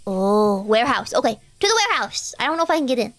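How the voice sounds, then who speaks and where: A woman streaming a driving game, chatting to herself in an excitable, talkative way as she plays. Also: on the high side, fast talker, no echo. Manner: chatty, excitable, talks to herself while playing. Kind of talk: live game commentary.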